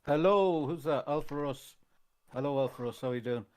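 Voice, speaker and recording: A man's voice: a little high, a little mellow. A man from Ireland with an Irish accent, co-hosting a live stream in casual, teasing chat. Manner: joking, teasing, quick laughs. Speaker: co-host.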